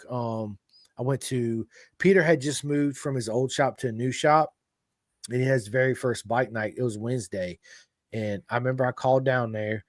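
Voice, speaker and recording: Podcast host, american man, loud and animated, swears a lot, dry close mic. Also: mid-range voice, dry recording. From United States. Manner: loud, animated storyteller who swears freely. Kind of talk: casual storytelling chat.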